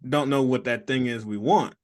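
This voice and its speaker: A man's voice: medium pitch, normal speed. A man co-hosting a podcast, chiming in briefly in casual chat. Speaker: podcast co-host.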